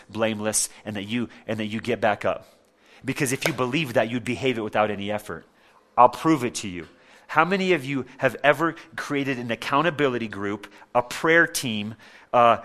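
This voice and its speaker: A man's voice: medium pitch, fairly bright tone. A man preaching a sermon as a pastor, emphatic and repetitive, asking the crowd rhetorical questions.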